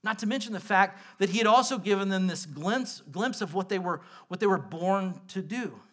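A man preaching a sermon in a conversational, animated way, full of quick asides to his listeners. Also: high-pitched. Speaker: pastor.

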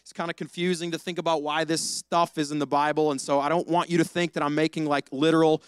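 Young male pastor, casual sermon, animated storyteller, slightly high, smooth and dry. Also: quick pace, dry recording. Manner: animated storytelling, acts out dialogue, slangy.

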